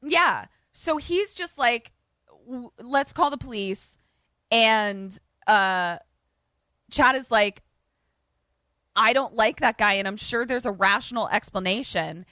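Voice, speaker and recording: Bright-voiced woman recapping a movie. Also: a little high, takes it slowly, no echo, clean studio sound. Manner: animated storytelling with quoted voices, frequent swearing. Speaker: podcast co-host. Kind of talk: casual movie recap chat.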